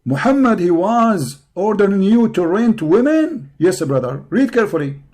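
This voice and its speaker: Male host, strained hoarse voice, somewhat high and mellow, confrontational taunting delivery on a live stream. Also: very animated, normal speed. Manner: taunting, confrontational, repetitive insults. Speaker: online debate show host. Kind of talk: heated polemical monologue. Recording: live stream over a poor connection.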